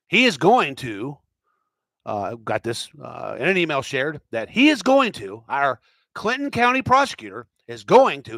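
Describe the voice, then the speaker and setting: A man's voice: a little high, a bit bright, no room sound. Profane, heated male vlogger, dry sound. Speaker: commentator. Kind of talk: ranting opinion vlog.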